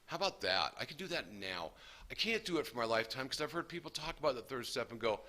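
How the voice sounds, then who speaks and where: Addressing a recovery meeting, a man tells his story in an earnest, emphatic, folksy way. His mid-range voice is gravelly, pushed and bright, with a sing-song lilt at a moderate pace.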